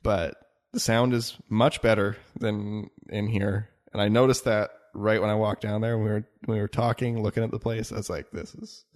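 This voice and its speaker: Male podcast co-host, lowish voice, easygoing rambling chat, echoey home room. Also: flat delivery, moderate pace, darkish tone.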